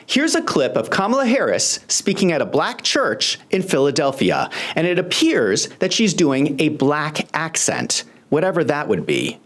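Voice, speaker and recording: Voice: mid-range voice, sing-song, moderate pace, few pauses. A host delivering political commentary in a sarcastic, pointed manner.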